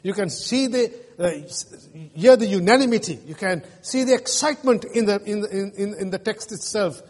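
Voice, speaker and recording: A man's voice: high voice, a little mellow. A male pastor from Australia preaching an emphatic sermon to his congregation. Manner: emphatic preaching with mocking jeers and pauses. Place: church sanctuary. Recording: reverberant church hall.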